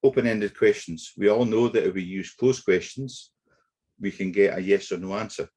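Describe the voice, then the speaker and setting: Low husky-voiced man teaching negotiation. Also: darkish tone. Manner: measured explanatory delivery with occasional fillers. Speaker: negotiation trainer. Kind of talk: webinar lecture. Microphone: webinar computer mic.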